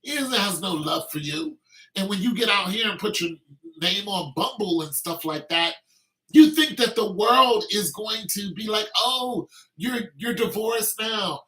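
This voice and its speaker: A man's voice: high voice, lively intonation, measured pace, a bit bright, poor audio. A man delivering a heated opinion rant, emphatic and full of restarts and repeated words. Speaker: commentator.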